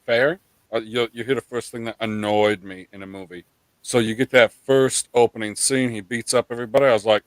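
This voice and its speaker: A man's voice: lowish voice, steady tone, a little fast, no echo, poor audio. A man hosting a live pop culture stream, ranting in casual chat with swearing and mock quotes.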